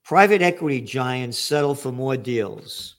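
A man's voice: medium pitch, animated, measured pace. An older man hosting an angry, profane commentary monologue, ranting sarcastically about the economy. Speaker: trend forecaster host.

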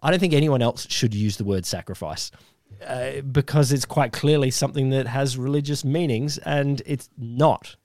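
A man's voice: medium pitch, normal speed, darkish tone, no echo, studio quality. A man co-hosting a casual chat podcast, growing heated and tripping over his words as he argues. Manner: heated, stumbling restarts when worked up. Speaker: podcast co-host.

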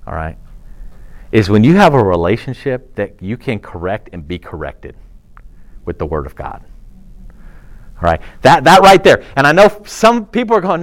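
A man preaching to teenagers in a chatty, animated way, often checking in with "okay?" and acting out quoted voices. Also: medium pitch, moderate pace, pauses often. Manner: acts out quoted voices and laughs along. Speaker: youth pastor. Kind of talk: sermon.

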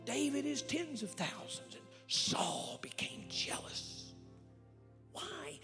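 A man preaching a storytelling sermon as a traveling evangelist, swinging between loud shouts and hushed whispers, recorded live in a church. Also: very high voice. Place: church sanctuary with reverb. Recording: live church recording with long reverb and faint music.

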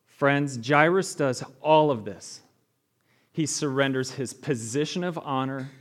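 A male pastor with a medium-pitched, slightly slow voice delivers a conversational sermon. He keeps asking the room "right?" and acts out the people in his story with animated retellings.

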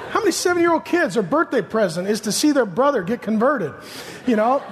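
A pastor in his thirties preaches with a strikingly high voice, acting out the voices in his stories and joking with the crowd. His voice rings out through a large hall with a long echo. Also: a little fast, noisy background. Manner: animated storytelling, acts out voices, joking. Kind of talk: sermon.

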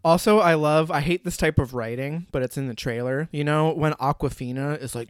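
A man's voice: medium pitch, fairly quick, clean tone, no echo, studio quality. A man hosting a podcast, chatting casually and joking around with friends. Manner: laid-back, joking, laughs often. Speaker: podcast host. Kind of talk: casual chat.

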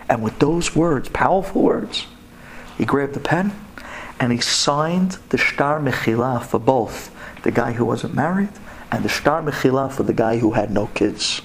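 A man giving a sermon-style storytelling talk to women, animated and emphatic, with pitch swinging sharply up and down. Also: unhurried, creaky, slight background noise.

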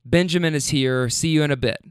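An upset young woman in a car, halting and sniffly, who rambles and repeats herself, as a man retells her words in a story. The voice sits a little high and smooth, recorded close and dry. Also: no echo, natural voice. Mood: upset rambling.

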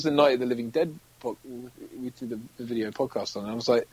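A man's voice: mid-range voice, fairly even intonation, fast talker, a little mellow, slightly rough, poor audio. A British man, an actor, chatting casually as an interview guest, rambling and acting out quotes with frequent laughs. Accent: British English. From United Kingdom.

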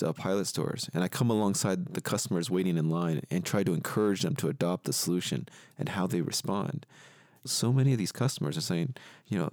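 A man speaking as a guest expert in a podcast interview, explaining at length in a measured way. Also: low-pitched, darkish tone, no room sound, studio quality. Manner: measured, explanatory, often adds "if you will". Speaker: guest expert on retail technology.

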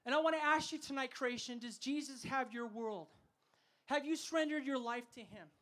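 A man preaching a sermon to a festival crowd, fervent and calling for responses, sometimes rising to shouts. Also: extremely high pitch, moderate pace.

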